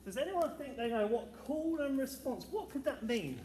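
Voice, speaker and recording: Male teacher, high voice, upbeat and encouraging, echoey hall with audible background noise. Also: lively intonation, moderate pace, a little mellow, recorded from a distance. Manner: upbeat, encouraging, talks to children. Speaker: primary school teacher. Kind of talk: leading a school music assembly. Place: school hall, indoors.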